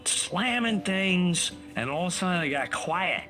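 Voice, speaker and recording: A man with a bright, forceful voice tells a heartfelt personal story, stumbling and restarting as he goes. He slips into the voices of the people he quotes. Faint music sits under him. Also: on the high side. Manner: halting, full of restarts, acts out quotes.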